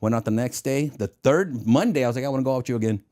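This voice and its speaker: This man's voice sits at medium pitch, and he talks at a racing speed. A former federal agent, he tells casual stories in an interview, acting out the voices in his anecdotes and frequently laughing at his own jokes.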